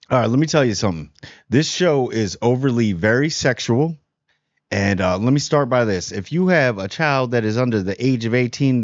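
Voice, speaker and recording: A man from New Jersey gives a casual, blunt TV spoiler review. His pitch is mid-range, with lively jumps when he gets worked up and many restarts. The recording is dry and a little dull, with no room sound. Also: dry recording. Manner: blunt, animated, frequent restarts. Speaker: TV review host.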